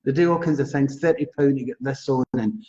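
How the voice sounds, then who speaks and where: A Scottish man hosting a live psychic reading stream, chatty and animated, reading out viewers' names. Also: medium pitch, a little fast. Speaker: psychic astrologer host. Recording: dull lo-fi livestream audio.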